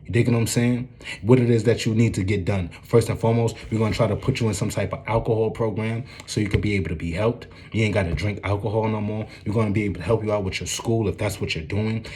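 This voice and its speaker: A man's voice: lowish voice, steady tone, fast, warm tone, slight background noise. A man giving an informal, earnest preaching commentary, often checking in with "you dig what I'm saying".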